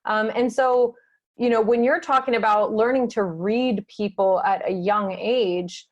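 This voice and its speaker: A woman's voice: medium pitch, fairly even intonation, a little slow, a little mellow, highs cut off. A woman hosting a podcast interview, enthusiastic and casual, swearing freely. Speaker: podcast host.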